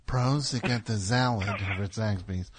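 A man's voice: lowish voice, normal speed, breathy edge. A man hosting a call-in comedy show, rambling and teasing with stammered restarts. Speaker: radio show host. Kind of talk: casual comedic chat.

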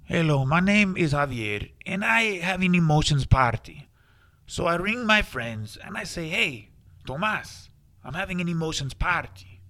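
A man voicing an excitable party host with a Spanish accent, telling a comic story. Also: fairly high pitch, a little slow, exaggerated voice. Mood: excited.

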